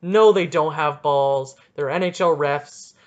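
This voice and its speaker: A man's voice: fairly high pitch, measured pace, muffled recording. A young man hosting a solo podcast, ranting and rambling with goofy, self-mocking asides. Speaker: podcast host.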